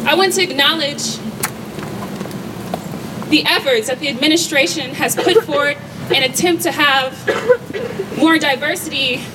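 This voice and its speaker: Very high-voiced woman rallying a crowd. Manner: repeats rhetorical questions, calls out to the crowd. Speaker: student rally speaker. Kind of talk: impassioned protest speech. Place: outdoor campus rally. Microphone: rally sound system. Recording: distant voice over crowd and noise.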